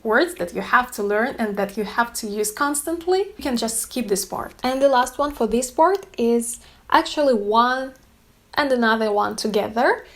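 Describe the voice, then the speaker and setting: A woman with a Russian accent, a native Russian speaker, explaining language points to camera in a slow, careful way with light laughs. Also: fairly high pitch, animated. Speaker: language teacher.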